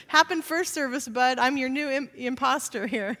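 A woman's voice: sits high, normal speed, a bit bright. A woman pastor giving a conversational sermon in a church sanctuary, often asking the congregation rhetorical questions. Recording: reverberant sanctuary.

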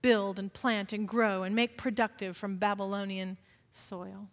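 A woman's voice: mid-range voice, flat delivery, unhurried, faint music behind. A woman pastor giving a conversational sermon in a church sanctuary, often asking the congregation rhetorical questions. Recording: reverberant sanctuary.

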